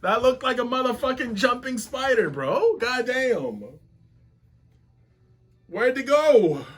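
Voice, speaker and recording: Male webtoon reactor, unhurried but swinging wildly in pitch, constant slangy outbursts. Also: breathy edge. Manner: exclaims constantly, slangy and animated. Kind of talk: excited reaction commentary. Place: home office.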